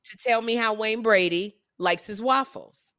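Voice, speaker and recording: A woman hosting a talk show, teasing and telling stories in a lively comedic way. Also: on the high side, unhurried, no room sound, studio quality. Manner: animated, teasing storyteller. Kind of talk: comedic casual chat.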